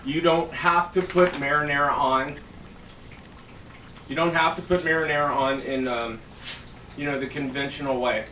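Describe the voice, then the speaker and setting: A man's voice: medium pitch, pushed and bright, lo-fi sound. Man, home cook, crude jokes, casual demo, echoey kitchen, mic far off, faint background noise. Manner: joking, swears freely. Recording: echoey room, mic at a distance.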